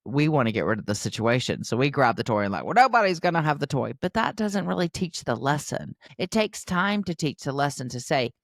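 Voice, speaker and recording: A woman's voice: a bass voice, expressive, fairly quick, hardly any pauses, no echo, studio quality. An older woman hosting a parenting podcast, giving earnest, instructive advice in a conversational way. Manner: earnest, warmly instructive, acts out quoted voices.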